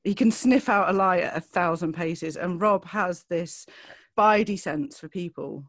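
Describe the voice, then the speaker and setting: A woman's voice: lowish voice, a little slow, dry recording. A woman from Lincolnshire speaks with an English accent in a chatty, teasing way. She rolls easily into anecdotes like a natural storyteller. The sound is dry and close-miked. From Lincolnshire, England. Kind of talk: casual chat.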